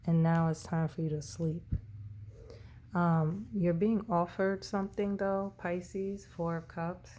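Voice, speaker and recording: A woman's voice: lowish voice, steady tone, takes it slowly, dark tone, a little hiss or hum. A woman doing a casual tarot reading, rambling and often correcting herself. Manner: rambling, self-correcting, tongue-tied. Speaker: tarot reader.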